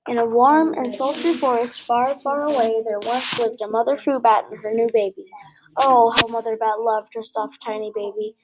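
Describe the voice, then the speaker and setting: High-voiced woman reading a storybook. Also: moderate pace, crowd noise, poor audio. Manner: gentle expressive read-aloud with small slips. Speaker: storybook reader. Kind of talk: reading a picture book aloud.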